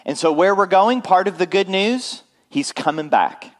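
A man's voice: high voice, expressive, moderate pace. Male pastor, conversational sermon delivery, frequent check-ins with the congregation. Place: church.

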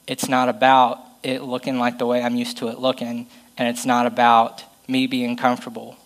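A man's voice: mid-range voice, monotone, normal speed, low-quality recording. A man preaching a conversational, self-deprecating sermon and reading Bible passages aloud.

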